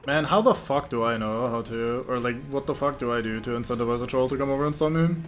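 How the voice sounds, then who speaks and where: A man's voice: mid-range voice, quick pace. A man giving casual, joking let's-play commentary, muttering to himself and swearing freely as he plays. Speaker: gameplay commentator.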